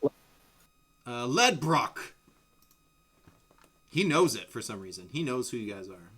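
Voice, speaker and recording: A man's voice: fairly low pitch, sing-song, fast, a bit bright, husky. A man narrating a tabletop game as game master in a casual, rambling way with many restarts. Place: home streaming setup.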